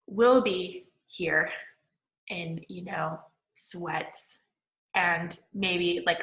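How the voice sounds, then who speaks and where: A woman's voice: on the low side, a bit bright, reverberant, low-quality recording. A woman manifesting coach giving a casual online lecture, chatty and full of "like". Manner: chatty, peppered with "like" and laughs.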